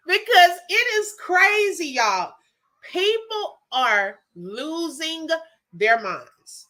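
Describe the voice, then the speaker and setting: A woman chats with her viewers as she tells a story, her voice high and sweeping up and down. She sounds bright and animated, breaking into laughs easily. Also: extremely slow. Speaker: livestream host chatting with viewers. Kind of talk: casual storytelling chat.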